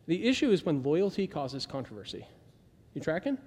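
A man preaching a casual, animated sermon as pastor, acting out quoted voices as he goes. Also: on the high side, normal speed, breathy edge. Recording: long hall reverb.

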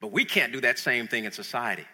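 A man preaching a sermon in an animated, conversational way, often repeating words as he builds a point. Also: medium pitch, quick pace, breathy edge, big-room sound.

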